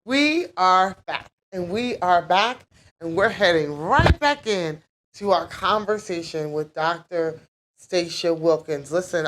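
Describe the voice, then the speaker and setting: A woman's voice: lowish voice, poor audio. A woman pastor hosting her talk show, speaking in an encouraging, preacher-like way.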